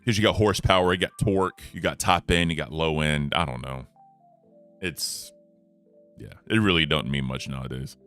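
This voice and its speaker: A young man co-hosting a casual podcast chat, laid-back and rambling, often trailing off quietly. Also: extremely low pitch, normal speed, soft background music. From United States. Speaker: co-host.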